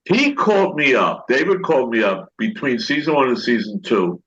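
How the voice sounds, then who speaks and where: A man's voice: mid-range voice, animated, normal speed, a bit bright. An older man, an actor guest, telling rambling anecdotes and acting out what others said, with many restarts. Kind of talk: storytelling interview talk. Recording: dull lo-fi recording.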